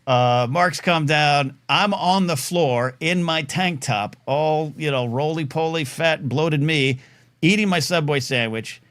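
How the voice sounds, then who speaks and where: A man's voice: fairly high pitch, slow pace, smooth. A middle-aged man hosting a live talk show, telling a long rambling story with lots of fillers and restarts, and acting out the people in it. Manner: rambling, animated, full of fillers and restarts, acts out quoted voices. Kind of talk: casual storytelling monologue.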